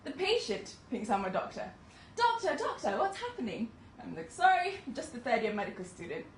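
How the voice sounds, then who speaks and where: A woman's voice: fairly high pitch, very animated, brisk. A woman in her twenties, a medical student, giving a chatty, self-deprecating talk to an audience and laughing often. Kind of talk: presentation to an audience. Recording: echoey room, distant mic, faint noise.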